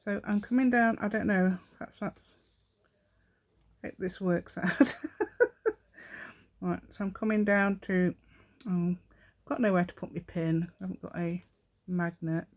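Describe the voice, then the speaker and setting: Slow, low-voiced woman chatting through a craft. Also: fairly even intonation. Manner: chatty, rambling, talks to herself while working. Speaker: craft channel host. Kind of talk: casual craft tutorial, thinking aloud.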